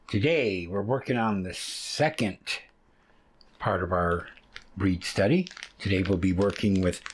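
A man hosting a casual hands-on fiber arts tutorial, rambling along with plenty of ums and uhs as he reads and handles wool. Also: fairly low pitch. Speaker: fiber arts channel host.

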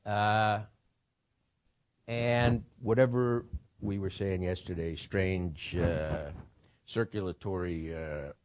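A man's voice: low voice, fairly even intonation, takes it slowly, pauses often. A man giving an informal lecture on writing, rambling and digressive, with profane asides.

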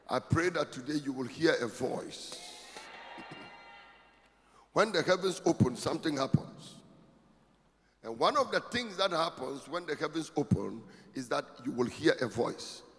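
A man's voice: fairly high pitch, lively intonation, unhurried. Emphatic preaching man in a reverberant church. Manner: emphatic preaching, swelling to shouts with sing-song cadences. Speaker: pastor. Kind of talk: sermon. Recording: long hall reverb, faint music.

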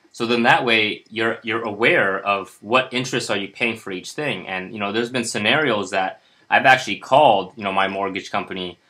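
A man with a lowish, bright, forceful voice explains a budgeting spreadsheet in a loose, chatty way. He talks with an upbeat, encouraging tone and stumbles through lots of fillers and restarts. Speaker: personal finance instructor. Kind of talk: casual screen-share tutorial.

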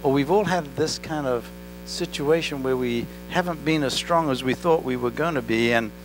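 A pastor with an accent preaching a sermon in church, talking directly to the congregation and asking them questions. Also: male voice, medium pitch, moderate pace. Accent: non-native English accent. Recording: faint mains hum. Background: mains hum.

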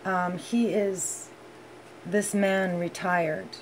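A woman reads tarot cards in an unhurried, heartfelt way, filling pauses with ums and you-knows. Her voice sits a little low, and the pace is slow. A faint hiss runs under the recording. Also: fairly even intonation, poor audio. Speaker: tarot reader. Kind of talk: casual tarot reading monologue.

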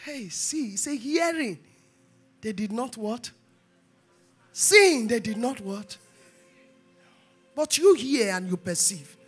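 A woman pastor, preaching a sermon in call-and-response style and rising to shouts. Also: fairly high pitch, animated, takes it slowly, long pauses, breathy edge, soft background music.

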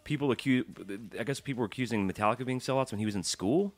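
A man co-hosting a podcast, chatting casually with brisk jokes and casual swearing. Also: medium pitch, dry recording. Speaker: podcast co-host. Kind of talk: casual chat.

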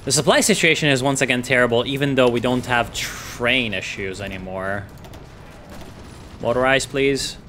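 A man's voice: mid-range voice, normal speed, pushed and bright, a little hiss or hum. A man commentating a strategy game playthrough, swearing and complaining in frustration at how the battle is going. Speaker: gaming YouTuber.

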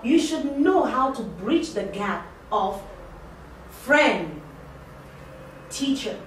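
A woman with a fairly high, very animated voice draws out her words as she teaches a class of assistants in a conversational way, repeating points and quizzing the class. The classroom or training room sounds very echoey, picked up by a distant mic with faint noise.

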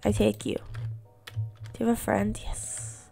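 A woman streaming a game late at night, chatting casually with viewers and to herself, her voice hoarse from being sick. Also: mid-range voice, big pitch swings, measured pace, mellow, faint music behind. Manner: chatty, reassuring, talks to chat and to herself. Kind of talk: casual live-stream chat while gaming.

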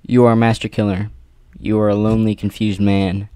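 A man narrating an adventure story in the second person, with theatrical pauses and rhetorical questions. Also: fairly low pitch, little pitch movement, mellow, clear, resonant tone, no echo. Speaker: narrator reading an AI-written adventure.

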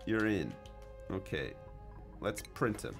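A man's voice: lowish voice, lively intonation, takes it slowly, music in the background. A man casually commenting while he plays a game on a live stream, joking and chatting with his viewers. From Canada.

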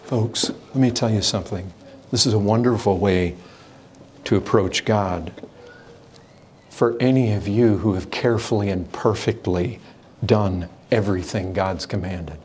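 A man delivers a sermon as pastor, his delivery impassioned. He climbs to raised, urgent peaks and then drops to low, hushed warnings. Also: measured pace, a little hiss or hum. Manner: impassioned preaching, pitch swinging between raised intensity and low hushed warnings.

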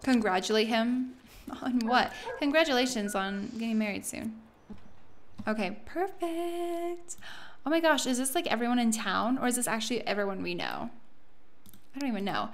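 A young woman casually commenting on a life-sim game as she plays, chatty and excitable, often laughing and squealing. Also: a little high, fairly quick, slight background noise. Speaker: let's play host.

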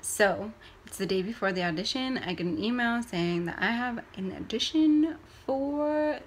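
A young woman tells a story to her camera with lively, animated delivery. Her voice sits a little on the high side. She jumps between hushed asides and loud bursts as she acts out her reactions, with a faint hiss in the background. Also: measured pace, hardly any pauses. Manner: animated, acts out her own reactions with big swings in loudness. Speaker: vlogger.

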